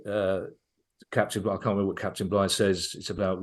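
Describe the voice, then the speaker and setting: Here a deep-voiced man with little pitch movement talks briskly while guesting as a comedian on a podcast. His anecdote runs long and enthusiastic, full of restarted sentences, all in a casual storytelling mood.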